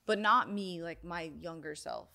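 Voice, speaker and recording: A young adult woman, a sound healer, talking casually in an interview and telling a personal story in an animated way, with many "like"s. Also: lowish voice, a little slow, vocal fry.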